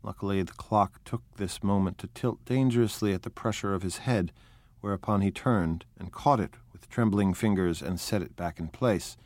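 A man narrates a novel in a steady, measured, unhurried way. His voice sits low, recorded close with a dry, dead sound. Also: dry recording. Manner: measured, even, unhurried reading. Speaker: audiobook narrator. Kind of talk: scripted narration.

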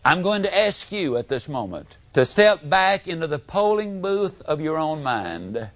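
A man giving a motivational talk, telling homespun stories and swinging from booming emphasis to hushed tones. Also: very animated, measured pace, hardly any pauses, no echo. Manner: folksy storyteller, swooping from booming to hushed. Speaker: motivational speaker.

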